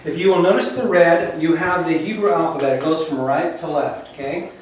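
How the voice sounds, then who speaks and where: A man teaching a Bible Hebrew class, patiently drilling letters and often checking in with the students. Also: a little high. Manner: patient, repeats "okay?" to check understanding; slow, careful letter-by-letter drilling. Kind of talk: classroom lecture. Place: classroom, recorded from the back. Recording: very echoey room, distant mic, faint noise.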